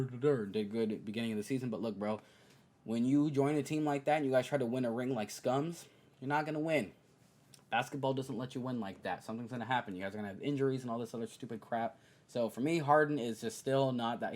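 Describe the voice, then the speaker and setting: A young man hosting a podcast talks through his opinions in a loose, casual rant. His voice sits in a middle register. It jumps up high and loud whenever he mocks someone, then drops back to a low, muttered aside. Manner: animated, mocks players in high exaggerated voices. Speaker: podcast host. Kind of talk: casual basketball opinion monologue.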